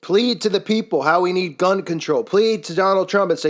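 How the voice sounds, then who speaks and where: A man's voice: high-pitched, fairly quick. A man delivering a scornful, sarcastic commentary rant, full of rhetorical questions. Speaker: commentary channel host. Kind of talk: ranting monologue commentary.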